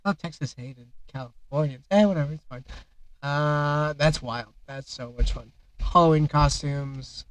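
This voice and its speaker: A man's voice: a little high, moderate pace, rough recording. A man streaming live, reacting to maps in casual commentary with sarcastic, exasperated outbursts.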